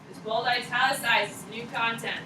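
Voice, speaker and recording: A woman teaching a high school history class, blunt and slangy, firing questions at her students. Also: steady tone, brisk, background noise. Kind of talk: classroom lecture. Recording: echoey classroom, mic far off.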